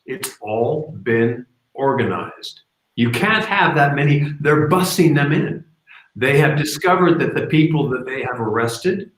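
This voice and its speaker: A man hosting a casual talk show discussion, telling stories in an animated way. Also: mid-range voice, reverberant, poor audio. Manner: animated storytelling. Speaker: show host.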